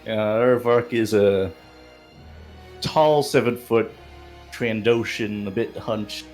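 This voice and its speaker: Slow low-key tabletop player. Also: male voice, darkish tone. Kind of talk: tabletop role-play chat.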